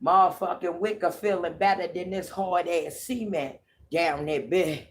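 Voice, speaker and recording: A woman's voice: lowish voice, close to an everyday voice. Woman voicing a cussing fed-up dog. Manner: cursing, slow and drawling. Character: crude fed-up talking dog.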